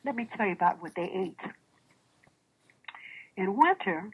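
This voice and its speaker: A woman's voice: medium pitch, a little slow, pauses often, slight background noise, low-quality recording. A woman preaching a sermon, asking the congregation questions and reading old first-person accounts aloud as stories. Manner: animated, with rhetorical questions to the congregation. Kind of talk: sermon with storytelling.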